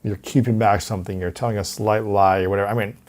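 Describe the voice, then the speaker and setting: A man hosting an interview, speaking in a relaxed, reflective, casual way. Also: fairly low pitch, fast talker. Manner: relaxed, reflective, chimes in briefly. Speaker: host.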